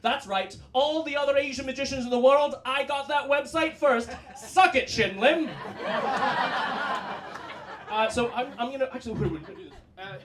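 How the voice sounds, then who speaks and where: A man in his thirties with a Scottish accent, doing a loud, energetic, self-mocking stand-up set as a comedian and magician. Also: extremely high pitch, normal speed, a crowd in the background. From Southern California, raised in Scotland. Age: 30s. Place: live comedy stage. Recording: noisy live stage recording.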